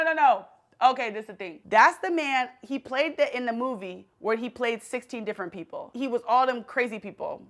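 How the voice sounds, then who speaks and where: A woman hosting her own show, talking in a casual, animated, exclamatory and slangy way. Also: on the high side. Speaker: show host. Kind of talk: casual chat guessing celebrities.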